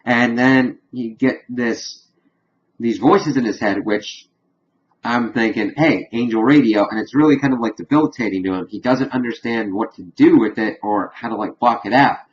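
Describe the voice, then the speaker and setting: A man's voice: mid-range voice, moderate pace, dull audio. A man giving a casual, rambling recap of a TV episode, leaning heavily on fillers as he retells the plot. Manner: rambling, filler-heavy storytelling. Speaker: TV episode reviewer.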